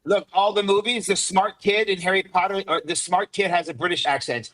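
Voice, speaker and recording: A man in a heated online debate lectures the others, emphatic and profane. His voice sits somewhat high for a man. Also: a little fast, a bit bright, rough recording. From Afghanistan. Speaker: panelist.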